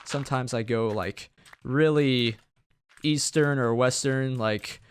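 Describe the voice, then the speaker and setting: A man's voice: mid-range voice, slow pace. A young man from Tennessee talks through his game in a loose, rambling way and cracks jokes at himself. His Southern accent comes through. His throat is a little sore, and a faint hiss sits under the recording. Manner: rambling, chatty, self-joking. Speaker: gaming channel host. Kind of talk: Let's Play gameplay commentary.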